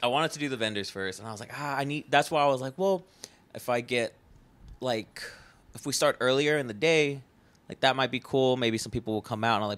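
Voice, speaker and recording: A man's voice: mid-range voice, fairly quick, fairly bright tone. A young man, a festival founder, talking casually on a podcast in a rambling way full of fillers and the odd swear.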